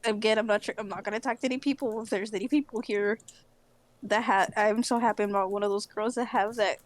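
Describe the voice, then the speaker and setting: A woman's voice: mid-range voice, steady tone, quick pace. A woman chatting casually on a gaming stream, teasing her friend and giggling.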